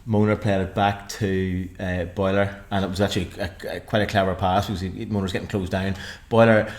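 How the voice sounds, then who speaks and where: A man's voice: sits low, level tone, fairly quick. A man co-hosting a casual football podcast, rambling with frequent restarts and fillers. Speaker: podcast co-host.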